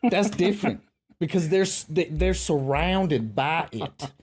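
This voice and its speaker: A man putting on a drawn-out Southern US accent, playing a playful man from the Louisiana bayou. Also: fairly high pitch, animated, darkish tone, breathy edge, voice pushed up. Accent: put-on Southern US.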